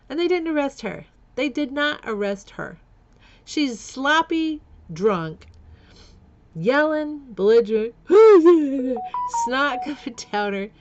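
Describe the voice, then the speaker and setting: A middle-aged woman speaks in a gravelly voice with some vocal fry. She recounts her own past candidly and bluntly, breaking into laughter between lines. The recording is a little dull and lo-fi. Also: medium pitch. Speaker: vlogger. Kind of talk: personal storytelling vlog.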